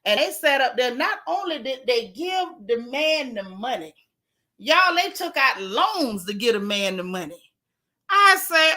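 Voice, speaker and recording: A woman with a bright, forceful voice and fairly high pitch hosts a casual gossip chat. She tells her stories to live viewers in an animated, joking, folksy way. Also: unhurried. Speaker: show host.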